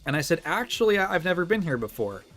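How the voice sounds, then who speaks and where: With faint music in the background, a Midwestern American streamer speaks fast in a somewhat high, slightly bright voice full of big pitch swings. He's reacting to a video in a casual, rambling way, restarting sentences and laughing often.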